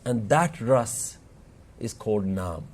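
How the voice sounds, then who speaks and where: A man's voice: fairly low pitch, animated, slow pace. A man giving an earnest spiritual workshop talk, telling stories and quoting scripture with rising and falling emphasis. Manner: earnest, rises and falls for emphasis, quotes scripture. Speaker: Sikh workshop speaker.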